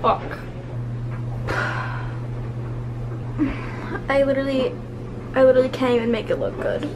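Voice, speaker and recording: A woman's voice: high voice, steady tone, takes it slowly, noisy background. A woman in a casual vlog, speaking candidly and with frustration, full of fillers like "like". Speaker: vlogger. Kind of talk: casual self-filmed vlog.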